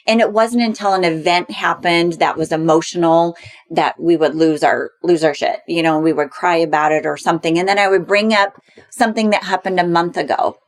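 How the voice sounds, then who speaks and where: A woman's voice: fairly low pitch, brisk. A middle-aged woman as a podcast guest, speaking reflectively and searching for her words, often affirming the host. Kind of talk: candid conversational chat.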